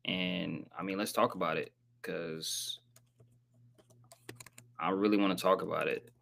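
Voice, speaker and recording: A man hosting a casual live sports recap, rambling in slangy, profane talk and saying he sounds flat and let down. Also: low-pitched, measured pace, creaky. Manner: says he sounds monotone and disappointed. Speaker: sports channel host.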